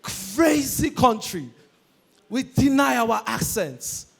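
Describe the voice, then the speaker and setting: Young Nigerian man, stand-up comic, high-pitched, animated delivery. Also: takes it slowly, gravelly, breathy edge. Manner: animated, shouty, acts out characters. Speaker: stand-up comedian. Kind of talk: stand-up comedy set. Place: stage before a live audience.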